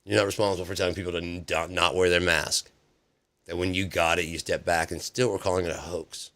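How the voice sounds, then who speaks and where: A man's voice: deep voice, little pitch movement, brisk, fairly bright tone. A man hosting a livestream, ranting about politics in a profane, sarcastic way with many restarts. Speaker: livestream host. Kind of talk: casual political rant on a livestream.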